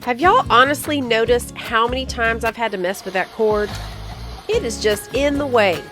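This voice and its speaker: A woman's voice: fairly high pitch, normal speed, music in the background. A middle-aged woman, talking casually to camera while out of breath from yard work outdoors. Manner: chatty, folksy, addresses viewers as y'all. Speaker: gardening vlogger.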